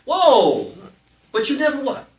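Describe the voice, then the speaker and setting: A man teaching a live religious class, animated, often asking his listeners questions and letting them answer. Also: a little high, normal speed. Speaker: Islamic teacher. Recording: roomy, from a distance, faint noise.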